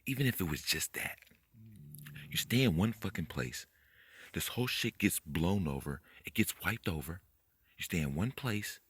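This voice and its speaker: Man, low voice, dry close sound, excitable profane rant, trips over words. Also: normal speed, husky, dry recording. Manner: profane, excitable, jumps up in pitch when worked up. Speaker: conspiracy video host. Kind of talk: rambling late-night monologue.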